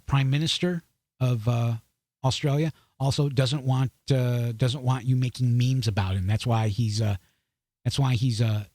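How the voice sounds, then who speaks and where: A man's voice: mid-range voice, darkish tone, no room sound, studio quality. A man hosting a podcast, giving blunt, sarcastic commentary and often restarting mid-sentence as he talks straight to his viewers. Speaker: podcast host. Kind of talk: opinionated news commentary.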